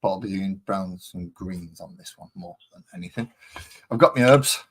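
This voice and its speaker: A man's voice: low voice, expressive, moderate pace, husky. A man with a West Midlands accent, chatting casually and rambling with self-mockery while he sets up and paints on a live stream. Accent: West Midlands English.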